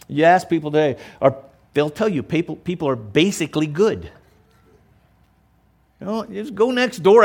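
Animated, emphatic male pastor preaching. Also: high-pitched, breathy edge. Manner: emphatic, conversational preaching with frequent "okay?" check-ins. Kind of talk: sermon.

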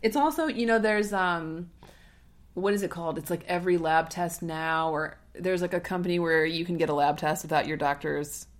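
A woman's voice: fairly low pitch, normal speed. A woman co-hosting a health news podcast in casual chat, talking freely with frequent laughs and fillers. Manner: chatty, laughs often, many filler likes. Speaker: podcast co-host.

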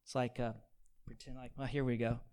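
A man preaching a sermon, asking his listeners for amens and swinging between hushed, near-whispered points and loud, pleading repetition. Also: medium pitch, level tone, a little fast, smooth. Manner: call-and-response, asking the audience for amens.

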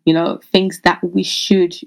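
Earnest woman midwife, halting and thoughtful. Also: fairly low pitch, little pitch movement, creaky, rough recording. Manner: earnest, searching for words, many fillers. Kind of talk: interview answers, casual conversation.

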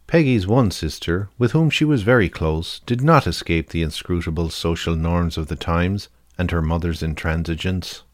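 A man narrating a documentary in a measured, formal scripted style. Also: low-pitched, dry recording.

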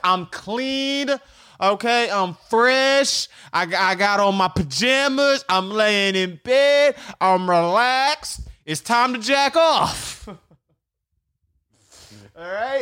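High, bright-voiced podcaster man, profane. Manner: profane, rambling, laughs often. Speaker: podcast host. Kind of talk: solo comedic podcast monologue.

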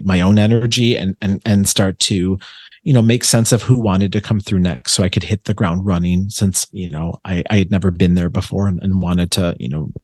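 A low-pitched man from Buffalo, New York, guesting on a podcast as a medium. He talks in long, looping anecdotes padded with fillers and false starts. The recording is close and dry. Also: a little mellow, breathy edge, no echo. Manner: rambling storyteller with many fillers and restarts. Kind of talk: casual chat.

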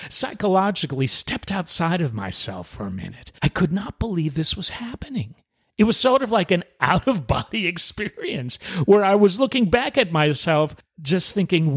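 A man with a slightly high voice tells a personal story as a self-help host, with lively, swooping intonation. He acts out the quoted dialogue in an animated way. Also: moderate pace, breathy edge. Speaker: podcast host, former cruise director.

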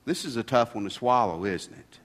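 A man's voice: mid-range voice, lively intonation, brisk, fairly bright tone. A man preaching a sermon in a folksy, conversational way, asking his congregation rhetorical questions. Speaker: pastor. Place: church sanctuary. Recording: long hall reverb.

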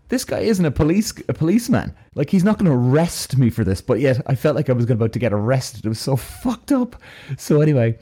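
An Irish man telling a personal story in a loose, swearing, animated way, acting out both sides of each conversation. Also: medium pitch. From Ireland. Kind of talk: casual storytelling.

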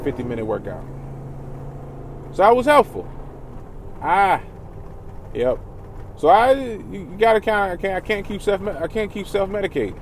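A man's voice: fairly high pitch, a little hiss or hum. A man vlogging candidly about his feelings, rambling, swearing, and often restarting his sentences. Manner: rambling, profane, restarts a lot. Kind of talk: candid personal vlog.

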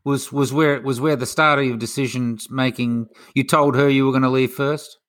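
A man's voice: medium pitch, fairly even intonation, moderate pace, fairly bright tone. A man co-hosting a podcast interview, asking probing follow-up questions. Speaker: podcast co-host.

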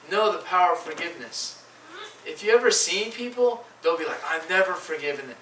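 Male preacher, slightly high voice, halting and repetitive, recorded from a distance. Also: animated, sharp tone, slight background noise. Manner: halting, repeats words, reads scripture in old-style phrasing. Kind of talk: sermon. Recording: echoey room from far off.

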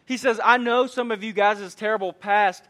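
A young man with a high voice delivers a sermon. He talks in a relaxed, chatty way and tells personal stories. He often drops in fillers like "man" and "like". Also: moderate pace. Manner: casual, conversational preaching with storytelling. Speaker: preacher.

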